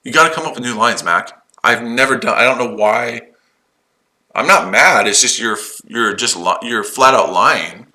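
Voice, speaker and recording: In a low-quality recording, a mid-range, bright, forceful voice with lively intonation moves at a moderate pace. The man runs a live trading stream from his shed, swearing, mocking the chat, and firing back sarcastic, combative comebacks.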